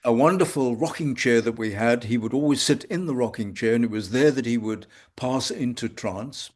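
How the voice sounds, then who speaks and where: Older male homeopath, mid-pitched, measured and hesitant, reflective talk. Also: darkish tone. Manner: measured, halting with frequent pauses. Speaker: homeopath guest. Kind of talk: reflective conversation. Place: home consulting room.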